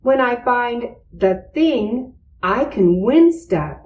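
Eager little boy begging, woman doing the voice, higher pitch, kinda roomy echo. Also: expressive, slow, recorded from a distance, dull audio. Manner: eager, pleading. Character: young boy, eager and pleading.

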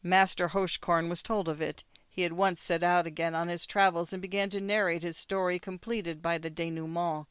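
A narrator reading short stories aloud in a measured, steady way. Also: mid-range voice, clean tone, no room sound.

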